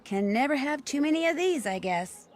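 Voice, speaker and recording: A woman's voice: sits high, expressive, moderate pace, a little hiss or hum. An actress voicing a young female American detective, dry and unimpressed while haggling. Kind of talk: video game character dialogue.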